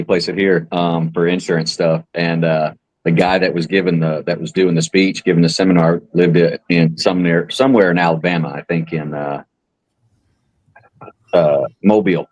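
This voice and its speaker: A man with a very low voice, telling a jokey story in a casual chat. He laughs often, and the recording is dry and close. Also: steady tone, brisk, no room sound.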